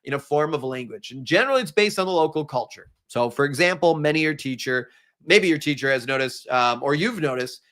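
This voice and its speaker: Minnesotan male teacher, casual live review, fairly high voice, chatty and direct with viewers. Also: brisk. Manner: casual, chatty, energetic, talks straight to the viewers. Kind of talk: live exam review stream.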